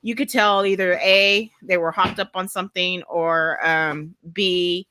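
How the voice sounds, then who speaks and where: A woman's voice: fairly low pitch, steady tone, measured pace, bright, forceful tone, clear, resonant tone, no echo. A woman with a Texas accent chatting casually on a live stream as co-host, rambling and laughing often. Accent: Texan.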